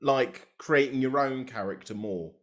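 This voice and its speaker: A man's voice: mid-range voice, a little slow. A man interviewing a guest, asking curious, probing questions.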